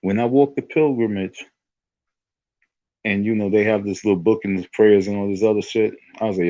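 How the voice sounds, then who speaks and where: A man's voice: on the low side, fairly even intonation, a little fast, dark tone, no echo, highs cut off. A man telling a rambling story in a casual monologue, often restarting his sentences. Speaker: online talk show host.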